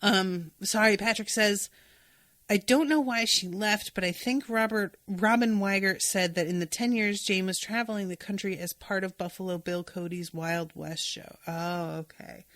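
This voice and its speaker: A woman's voice: medium pitch, moderate pace, fairly bright tone, dry recording. A woman hosting a podcast, talking casually and emotionally about a show she loves, sometimes getting choked up. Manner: emotional, gushing, choked up at times. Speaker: podcast host. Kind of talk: casual chat.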